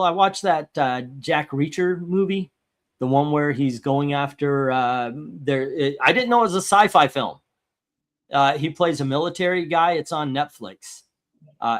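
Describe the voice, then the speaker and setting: A male host talks casually and rambles, often restarting his sentences and dropping curse words as he goes. He speaks at an everyday pitch. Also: fairly bright tone. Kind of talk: casual chat.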